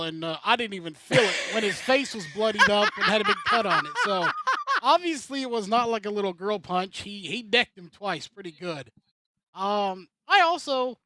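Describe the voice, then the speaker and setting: A man's voice: high voice, sharp tone, no room sound. A man giving opinionated racing commentary on a casual talk show, rambling through his points. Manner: rambling and opinionated, with filler-heavy restarts. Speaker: co-host commentator.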